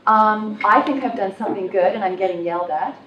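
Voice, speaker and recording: A woman telling a personal story at a workshop in an animated, self-mocking way. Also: mid-range voice, a little fast, lo-fi sound, a crowd in the background. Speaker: workshop participant. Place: conference workshop room. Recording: roomy, distant, noisy room mic.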